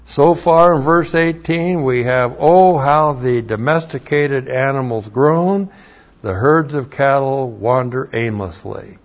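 A male Bible teacher working through a passage word by word at a slow, deliberate pace. He spells terms letter by letter and drops in blunt, emphatic asides. The recording sounds dull and lo-fi. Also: medium pitch. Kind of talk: verse-by-verse lecture.

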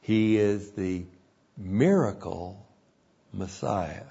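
A man preaching an expository sermon, slow and deliberate, repeating each point for emphasis. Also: lowish voice, steady tone, dark tone, highs cut off.

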